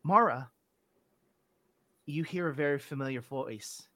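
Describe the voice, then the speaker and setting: A male game master narrates a tabletop game with slow, deliberate description. His voice is bright and slightly high, recorded close and dry. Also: dry recording. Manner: deliberate, descriptive, some restarts.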